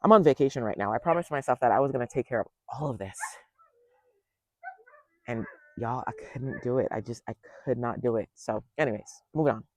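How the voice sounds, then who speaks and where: A man casually walking viewers through his backyard garden, chatting to them directly and thinking out loud as he goes. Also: mid-range voice, a little fast, no room sound, clean studio sound. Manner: chatty, talks straight to viewers and thinks aloud. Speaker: home gardener giving a tour. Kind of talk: casual garden tour vlog.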